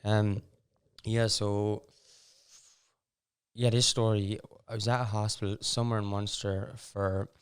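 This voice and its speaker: A young Irish man with a lowish, smooth and resonant voice chats casually as a podcast host. He rambles through his stories, keeps breaking off to restart, and drops in wry little asides. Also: level tone, measured pace, pauses often. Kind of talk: casual storytelling chat.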